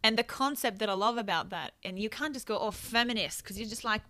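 A woman from Italy, chatting as a guest nutritionist in an animated, expressive way. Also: mid-range voice, quick pace, no echo. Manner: animated, expressive, laughs readily. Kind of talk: casual podcast chat.

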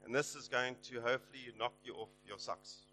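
A man preaching a sermon, exhorting his listeners and rising loud and high on the promises. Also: steady tone, brisk, a little hiss or hum, poor audio.

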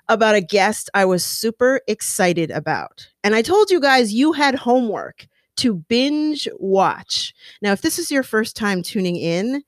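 Bubbly, animated woman podcast host. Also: mid-range voice, unhurried, few pauses, no echo, clean studio sound. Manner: bubbly, excitable, laughs often. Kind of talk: upbeat interview chat.

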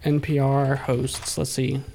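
A man co-hosting a podcast in loose, casual banter. His voice has a gravelly fry at a middle pitch. He is jokey, quick to laugh and fond of leading questions. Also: little pitch movement, warm tone, slight background noise. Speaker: podcast co-host.

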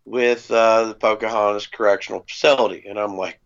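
A man with a gravelly, low-fried voice at an ordinary pitch spins a rambling anecdote in an easygoing, profane way, dotted with ums. The audio is dull and lo-fi, like a home podcast recording. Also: a little fast, few pauses, fairly bright tone. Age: adult parent. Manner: laid-back, swears freely, many ums. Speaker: podcast co-host. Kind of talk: casual storytelling chat.

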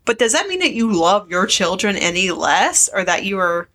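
A pregnant woman talking casually with a friend, her tone bright and crisp at a middle pitch. She backs the other speaker up often and explains her points plainly. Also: big pitch swings, normal speed. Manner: supportive, frequent agreeing interjections. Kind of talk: casual chat.

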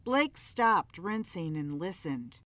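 Slow, dramatic woman storyteller. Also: on the low side, big pitch swings, a bit bright, no echo. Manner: measured, dramatic reading. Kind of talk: storybook narration.

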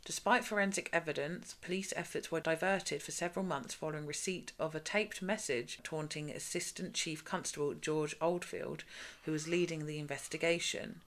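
A woman hosting a podcast, reading crime case notes in a brisk, matter-of-fact way between casual chat. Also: low voice, steady tone, fairly bright tone. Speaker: podcast host.

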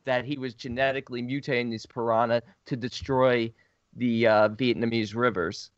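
A man's voice: mid-range voice, steady tone, dry recording. A man co-hosting a casual movie podcast, enthusiastically recounting scenes and quoting lines. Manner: enthusiastic, quick to quote lines. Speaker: podcast co-host. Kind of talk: casual movie discussion chat. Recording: dry, dull lo-fi recording.

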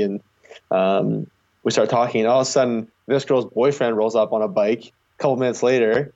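In a casual interview, a young Canadian guest who rides long distances for charity tells rambling stories packed with "like." He talks at a quick pace in a steady, fairly low, slightly mellow voice, and the recording comes across slightly muffled.

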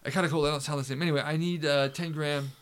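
A man's voice: a little high, steady tone, very fast, natural voice. A man imitating a pushy phone scammer. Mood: pleading.

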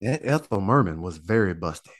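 A man co-hosting a podcast in casual chat, animated and profane, stammering and restarting as he talks. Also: deep voice, a little fast. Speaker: podcast co-host.

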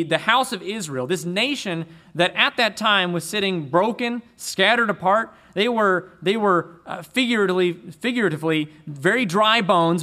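Male preacher, slightly high bright voice, earnest sermon delivery with frequent restarts. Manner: earnest, repeats words when restarting. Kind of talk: sermon with scripture reading.

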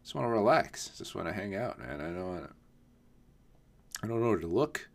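A man's voice: low-pitched, lively intonation, fairly quick, gravelly. A man rambling in a casual solo podcast, swearing often and laughing at himself. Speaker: podcast host. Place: home, not on camera.

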